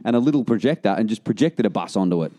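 Wisecracking Australian man with lively pitch. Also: highs cut off. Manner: dry wisecracking, quick jokes and teasing. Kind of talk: casual banter.

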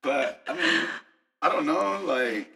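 A man's voice: on the high side, lively intonation, slow pace, vocal fry, sharp tone, breathy edge, soft background music, low-quality recording. A young man co-hosting a podcast, bantering in slangy, crude jokes. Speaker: podcast co-host. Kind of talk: casual chat. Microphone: podcast mic on a desk.

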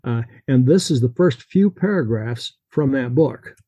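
A man's voice: medium pitch, expressive, measured pace, warm tone, slightly rough, no echo. A man, an author, reading from his novel and then talking in an interview over a video call.

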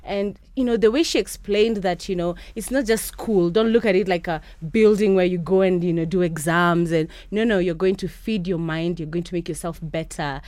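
A young woman from Kenya, a guest in a radio studio, telling stories in a chatty, animated way. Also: on the low side, normal speed, hardly any pauses, no echo. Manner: chatty, animated storytelling with quoted voices. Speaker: podcast host and interview guest.

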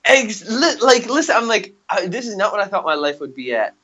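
A man in his twenties co-hosting a podcast, telling stories in casual chat, animated and laughing often. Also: high-pitched, a little fast, muffled recording, a crowd in the background. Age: 20s. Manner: animated storyteller, laughs often, says "dude" and "yo". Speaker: podcast co-host.

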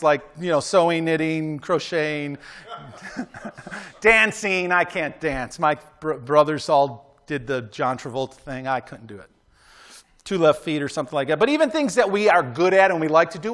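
A pastor sermonizes in a loose, chatty style, tossing frequent "right?" asides to the congregation between points. Notably high for a man and a bit bright, his voice pushes hard as he exhorts listeners to try harder and train to win.

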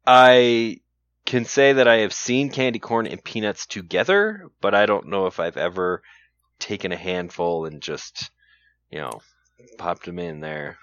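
A rambling male podcast host with a lowish voice, chatting loosely and tossing out trivia questions. His voice comes through a dull, lo-fi recording that is close and completely dry, with no room sound. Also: unhurried, a bit bright, clean tone, no echo. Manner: rambling, laughs often, lots of "like" and "you know". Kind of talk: casual chat.

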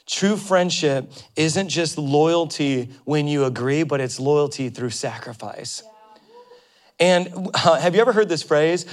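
A male pastor preaching a sermon to his congregation in an animated way, acting out quoted voices and sometimes laughing with the crowd. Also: fairly high pitch, a little slow. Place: church before a congregation.

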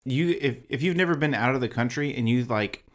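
A man's voice: mid-range voice, brisk. A man from Texas co-hosting a casual podcast chat, telling rambling stories and acting out quotes. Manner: rambling storyteller, acts out quotes. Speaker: podcast co-host.

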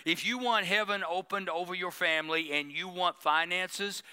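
A male pastor delivers a sermon to his church, teasing the crowd with humor. His voice is bright and crisp, sitting a little high for a man. He keeps it lively and pointed. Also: moderate pace. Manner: preachy, humorous, acts out mocking prayers.

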